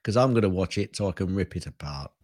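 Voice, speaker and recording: Older man, husky, lively pitch, wry ranting podcast co-host, dry close sound. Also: quick pace, no echo. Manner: wry, ranting, laughs often. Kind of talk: casual tech podcast chat.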